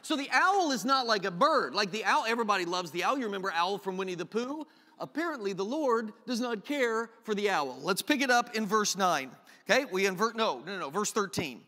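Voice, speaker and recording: A man preaches a sermon in a church sanctuary, his voice high and bright. He reads scripture, then breaks into animated, joking asides. A long reverb hangs on every line. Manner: animated, jokey asides, shifts between reading scripture and quick chatter. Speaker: pastor.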